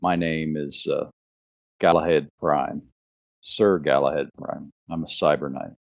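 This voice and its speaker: A courteous, commanding armored knight, voiced by a man running a tabletop game. He speaks formally in a very deep voice. The sound is muffled and lo-fi. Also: fairly even intonation, unhurried, gravelly, exaggerated voice. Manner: polite, formal speech. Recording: muffled lo-fi audio.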